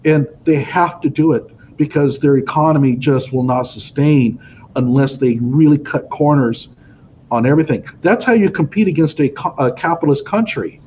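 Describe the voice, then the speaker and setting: Man, slightly higher voice, emphatic and opinionated, muffled lo-fi sound, faint hiss. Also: moderate pace, a little mellow. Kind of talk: casual discussion. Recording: dull lo-fi audio with faint noise.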